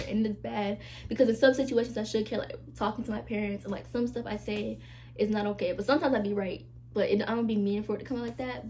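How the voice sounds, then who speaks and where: A woman's voice: on the high side, a little mellow, slight background noise. A young woman vlogger talking casually and emphatically to her camera, with plenty of asides to her viewers. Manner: chatty, emphatic, many "like" and "y'all" asides. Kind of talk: casual confessional chat to camera.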